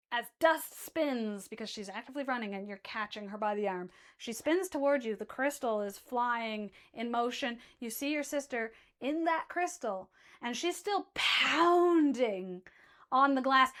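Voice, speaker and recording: A woman's voice: sits high, pushed and bright. A woman narrating as game master in casual, loose chat, swearing freely and correcting herself mid-sentence.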